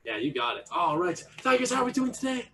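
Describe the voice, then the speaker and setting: A man teaches young children martial arts over a video call. His voice sits high and swings up and down with lively energy. He coaxes and praises the kids, hamming it up with silly animal noises. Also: quick pace. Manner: playful, encouraging, makes silly animal noises. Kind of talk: energetic online kids' class.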